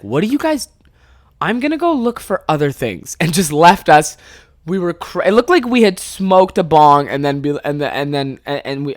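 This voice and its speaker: The podcast host is a young Canadian man with a fairly high voice, recorded in studio quality with no echo. Casually recounting a funny story, he gets animated, swears frequently, and keeps bursting into laughter.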